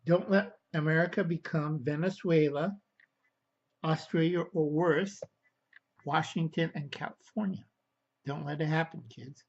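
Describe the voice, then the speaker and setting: A man rants slowly to his camera, pitched a little high for a man, stopping to fix his own slips and calling his viewers kids. His anger runs through the whole talk. The sound is dull and lo-fi, like cheap home video. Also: fairly even intonation. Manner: slow, rambling, stops to correct himself; angry, addresses viewers as kids. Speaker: vlogger. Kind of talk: casual political rant to camera.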